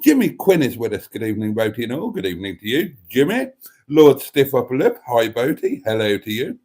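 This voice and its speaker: A man's voice: medium pitch, sing-song, brisk, a little mellow. Chatty man hosting a live stream. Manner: chatty, self-deprecating, reads chat messages aloud. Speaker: livestream host reading chat. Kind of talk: casual live stream chat.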